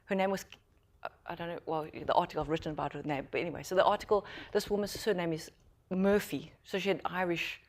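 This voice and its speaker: A woman with a South African accent, a journalist and author speaking on a panel, telling a story in a lively, animated way with many restarts. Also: lowish voice, fast talker, a little hiss or hum. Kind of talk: panel discussion anecdote.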